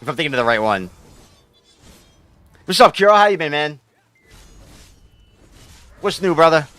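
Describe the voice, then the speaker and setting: A young game streamer rambles through casual chat with his viewers, swearing freely as he goes. His voice sits a little high and comes across bright and forceful. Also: big pitch swings, normal speed, faint music behind. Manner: rambling, profane, talks back to chat.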